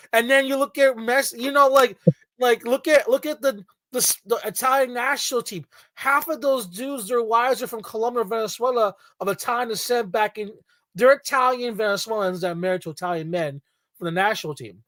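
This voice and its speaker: A man's voice: very high voice, normal speed, a bit bright, dry recording. Profane, ranting male podcast host. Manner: emphatic, profane, lecturing. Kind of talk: casual ranting chat.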